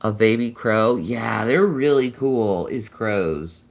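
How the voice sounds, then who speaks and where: A woman's voice: rumbling low, slow pace. A woman chatting casually with viewers on a live stream, answering comments and cooing to her pets now and then.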